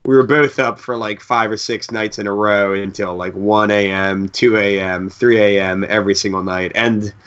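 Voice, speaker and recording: A man's voice: fairly low pitch, steady tone, moderate pace, few pauses, a bit bright, clean tone. A man, a teacher and board game designer, chatting casually on a podcast live stream with many fillers. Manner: rambling, frequent fillers. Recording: dull lo-fi stream audio.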